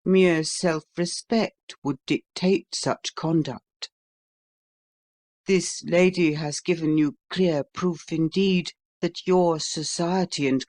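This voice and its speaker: A reader voicing a calm, lofty gentleman. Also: medium pitch, lightly acted. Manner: calm, measured, lofty and contemptuous. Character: calm, self-righteous young gentleman lover. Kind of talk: audiobook character reading.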